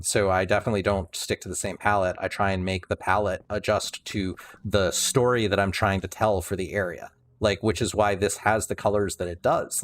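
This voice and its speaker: A man's voice: fairly low pitch, slight background noise. A man livestreaming a building game, rambling casually with many restarts and some dry sarcasm.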